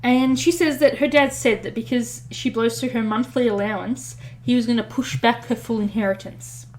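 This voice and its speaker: A woman's voice: a little high, fairly even intonation, normal speed, a little mellow. A woman co-hosting a podcast, retelling a story in casual chat with many fillers and self-corrections. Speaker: podcast co-host.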